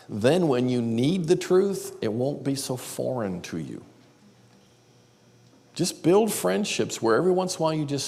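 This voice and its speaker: Gravelly man teaching in a big hall. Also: medium pitch, darkish tone. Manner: conversational, quizzes the audience with questions. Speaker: seminar teacher. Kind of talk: live seminar teaching. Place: church auditorium before an audience. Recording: reverberant live hall.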